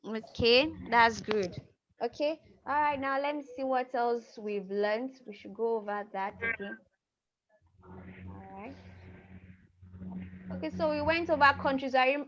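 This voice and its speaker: Higher-voiced lady teacher on a video call, patient, repeats stuff, kinda muffled audio. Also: fairly bright tone, a little hiss or hum. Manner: patient, repeats and prompts students. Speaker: language teacher. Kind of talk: online class teaching.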